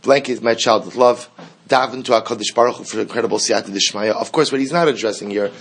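A man's voice: on the low side, quick pace, a bit bright, a little hiss or hum. A man teaching a Torah class in an earnest lecture style, repeating key phrases for emphasis and mixing in Hebrew and Yiddish terms.

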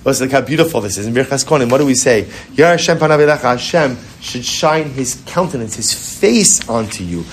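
A man's voice: medium pitch, expressive, brisk, few pauses, slight background noise. A man teaching a Torah class in a conversational way, repeating phrases, asking rhetorical questions and mixing Hebrew terms into English.

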